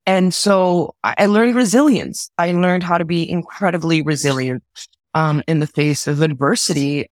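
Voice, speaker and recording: A woman's voice: low-pitched, no room sound. Woman from socal telling her story, stumbles and repeats words, dry sound. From Southern California. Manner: earnest, halting, repeats words when moved. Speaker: guest, orchestra conductor. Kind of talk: personal storytelling in an interview.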